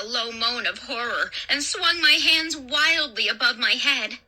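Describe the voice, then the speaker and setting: A woman storyteller reading a first-person horror story in a dramatic, expressive way. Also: a little high, a little slow, few pauses. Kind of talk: scripted horror story narration.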